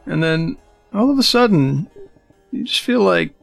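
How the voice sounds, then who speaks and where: A man narrating as game master of a tabletop game, with many halting fillers. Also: sits high, expressive, creaky, soft background music.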